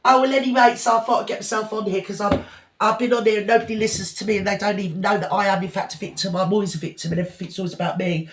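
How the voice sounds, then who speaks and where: A rambling, self-pitying gossip, put on by a man, a scammer who always plays the victim. The voice sits a little high and tumbles out fast in breathless, circular storytelling. It is recorded in an echoey room. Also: fairly even intonation, fairly bright tone, a little hiss or hum. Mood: whiny rambling. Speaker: parody performer. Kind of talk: satirical character monologue.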